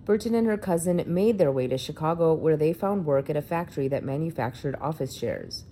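A woman's voice: sits low, animated, brisk, warm tone, slight background noise. A woman reading a feature article aloud in a plain narrating delivery.

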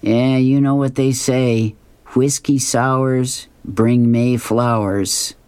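A woman's voice: extremely low pitch, steady tone, slow, warm tone, clear, resonant tone, no echo. A woman reading as a tipsy joking neighbor. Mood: breezy. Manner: breezy, joking.

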